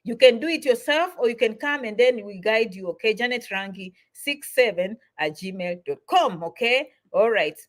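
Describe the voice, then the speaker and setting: Middle-aged woman, livestream host, slightly high voice, repetitive and encouraging. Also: animated, normal speed, few pauses. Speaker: host answering viewer comments. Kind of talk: livestream Q&A chat.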